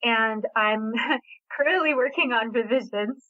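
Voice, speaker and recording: A woman's voice: fairly high pitch, unhurried, dry recording. A middle-aged woman born in Hungary with an American accent, chatting enthusiastically as a novelist guest in an interview. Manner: chatty, enthusiastic, with small laughs. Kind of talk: casual interview chat. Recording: tinny dry phone line.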